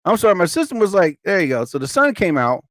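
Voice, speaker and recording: Animated, rambling man with a dry mic. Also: fast, no room sound. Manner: animated, jumps to high exclaimed asides. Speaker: host of a live show and podcast. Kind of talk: rambling casual storytelling.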